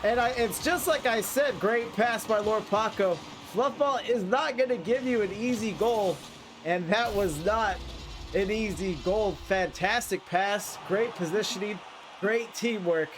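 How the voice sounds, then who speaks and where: A man casting an esports match in excitable play-by-play style, sounding congested and nasal from a cold. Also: sits high, unhurried, background noise. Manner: excitable play-by-play with frequent restarts. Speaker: esports caster.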